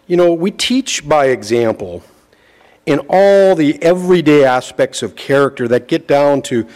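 A middle-aged man giving a sermon, telling a folksy personal story with slow, emphatic phrasing. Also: mid-range voice, darkish tone. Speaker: preacher.

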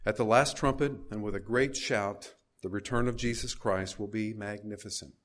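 Man preaching, low voice. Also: normal speed. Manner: reads scripture aloud with rising emphasis, asks the congregation questions. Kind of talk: sermon.

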